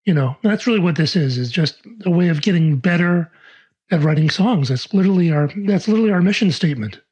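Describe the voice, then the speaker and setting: Man, podcast co-host, high voice, husky, emphatic casual chat. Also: animated, quick pace, darkish tone.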